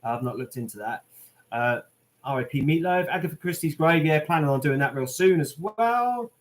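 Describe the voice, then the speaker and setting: Expressive and fairly high-pitched, a British channel host talks at normal speed while answering live chat on his Q&A stream. He chats casually, reads viewer comments out loud, and says "um" and "mate" often.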